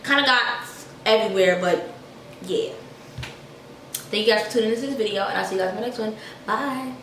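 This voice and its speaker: Young woman, sassy storytime vlog, animated, bright voice, roomy echo, distant from mic, faint ambient noise. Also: mid-range voice, brisk. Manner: animated, sassy, talks straight to viewers. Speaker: vlogger. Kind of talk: casual storytime.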